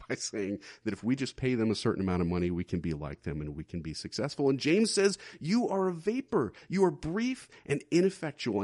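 A man preaching a sermon in an emphatic, animated way, often asking rhetorical questions. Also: on the low side, no room sound, studio quality.

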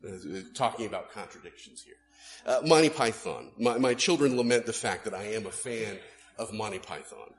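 A male pastor preaching a sermon, animated, swinging between loud emphasis and hushed asides. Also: on the low side, normal speed.

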